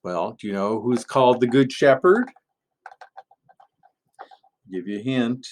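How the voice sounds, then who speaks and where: Speaking in a mid-range voice, a male pastor tells a story during a family sermon in object-lesson style. He is gentle and playful, with many pauses along the way.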